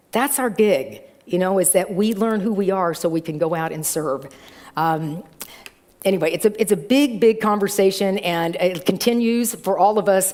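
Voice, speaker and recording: A woman's voice: medium pitch, a little mellow. A middle-aged woman minister giving a chatty sermon in a church, telling stories with playful voices. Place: church sanctuary.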